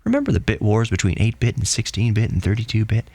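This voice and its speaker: A young man hosting a podcast. He reads hardware specs in a casual way, breaks in with excited asides, and closes with an earnest, reassuring sign-off. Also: lowish voice, fast talker, few pauses, breathy edge, dry recording. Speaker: podcast host.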